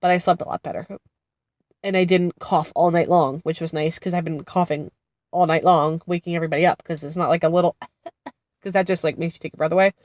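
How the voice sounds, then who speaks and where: A congested, sick-sounding woman in her thirties chats in a rambling, laughing way, voice pitched on the low side. The sound is dry and close, with no room around it. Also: fairly even intonation, a little fast, darkish tone, dry recording. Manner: rambling, laughing, many fillers. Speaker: vlogger, mother of two. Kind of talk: casual chat. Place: sitting in a car-like space outside a therapy center.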